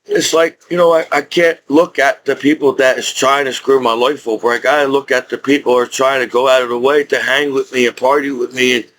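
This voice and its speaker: A man's voice: medium pitch, steady tone, fairly quick, few pauses, fairly bright tone, slight background noise, poor audio. A man with a speech impediment, a disabled combat veteran, ranting to camera in an angry, profane, rambling way with many restarts. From United States. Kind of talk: unscripted rant to camera.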